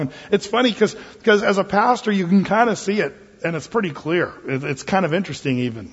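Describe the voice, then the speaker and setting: A man preaches in a folksy, plain-spoken way, restarting his sentences and repeating words. His voice is high and somewhat husky. It echoes with a long reverb and sounds dull and lo-fi. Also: fairly quick, hardly any pauses. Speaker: pastor. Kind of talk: conversational sermon.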